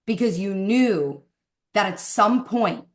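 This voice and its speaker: A woman's voice: medium pitch, expressive. Fervent woman preaching on a video call. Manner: fervent, preachy, speeds up and slows down for emphasis. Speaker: team leader hosting a Zoom call. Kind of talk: faith-filled motivational talk.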